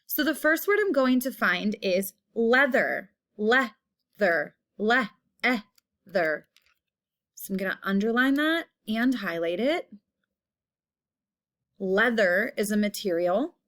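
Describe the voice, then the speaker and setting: A woman teacher giving a phonics lesson, saying each word slowly and repeating it while stretching the vowel sounds. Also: mid-range voice, lively intonation, fairly bright tone.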